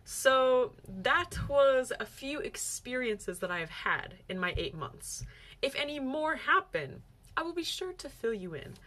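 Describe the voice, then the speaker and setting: Chatty young woman vlogger, fairly high voice. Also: a little slow, slight background noise. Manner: animated, chatty, quoting friends in bursts. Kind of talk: casual storytelling to camera.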